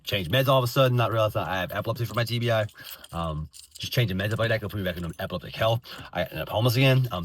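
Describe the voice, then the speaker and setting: A man in his thirties rants in an angry, profane stream, words spilling out fast and tumbling over restarts. His voice sits on the low side, and a faint hiss runs under it. The delivery is bitter and unscripted throughout. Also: fairly bright tone. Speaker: veteran vlogger.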